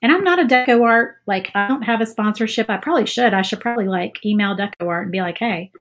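A woman's voice: on the high side, fast. A woman chatting casually while she paints on a livestream, self-doubting and saying "y'all" often. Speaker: craft livestream host.

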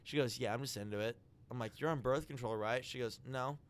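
A man's voice: mid-range voice, a little fast. A young man, a podcast guest, telling a crude story in casual chat and acting out the lines of the people in it.

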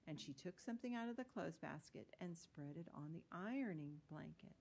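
Female storyteller, slightly low voice, gentle unhurried read-aloud of a children's tale. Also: animated, gravelly, husky.

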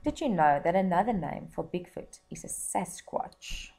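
A woman from South Africa, a teacher, reading a children's story aloud and then setting tasks in a slow, encouraging way. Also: fairly low pitch, animated, vocal fry, dark tone.

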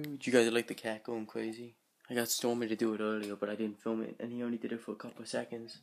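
A young man talks into his camera from home, sitting on the floor. He rambles from one thought to the next, playful and quick to poke fun at himself. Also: medium pitch, little pitch movement. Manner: rambling, playful, self-mocking. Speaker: vlogger. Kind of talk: casual chat vlog.

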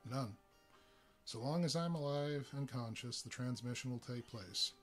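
A man's voice: medium pitch, measured pace, natural voice. Casting: tormented alien giant, formal and stiff speech, read by a man, faint guitar behind. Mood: anguished.

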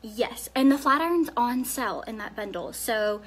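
A woman from Tennessee with a Southern accent, chatting casually on a live phone video, answering viewer comments and dropping to soft murmurs while she works. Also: a little high, lively intonation, moderate pace. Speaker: live-stream hair demonstrator.

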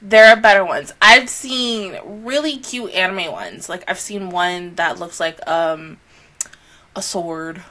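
A woman in her late twenties talking casually as an anime reaction host, slangy and animated, laughing often and swinging between loud squeals and soft murmurs. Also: on the low side, takes it slowly.

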